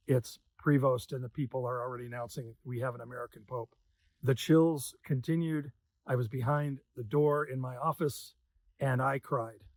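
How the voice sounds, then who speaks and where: A man's voice: medium pitch, no echo. A man in the news business sharing a personal story in an earnest, emotional way. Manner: earnest, emotional, soft-spoken at times. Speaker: news sales manager. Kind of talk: personal reflection.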